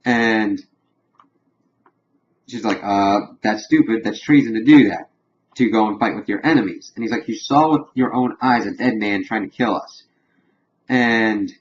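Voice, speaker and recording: Young man recapping a show, dull audio. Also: medium pitch. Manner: animated retelling, lightly acting out characters' lines. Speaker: TV show reviewer. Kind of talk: casual spoken recap and review.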